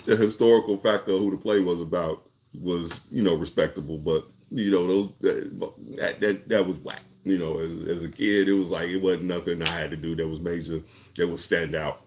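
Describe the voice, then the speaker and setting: Brief: deep-voiced middle-aged male actor, casual monologue, lots of restarts. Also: steady tone, moderate pace, a little mellow, slight background noise. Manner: conversational, restarts and repeats words often.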